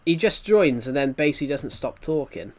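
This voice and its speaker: A man's voice: fairly high pitch, animated, a little fast. A man, a gaming streamer, telling a story in casual chat with rambling restarts.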